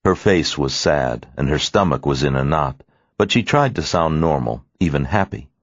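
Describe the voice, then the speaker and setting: A man narrating an audiobook with expressive storytelling, in a dry, slightly muffled studio recording. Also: rumbling low, normal speed, no room sound. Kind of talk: scripted narration.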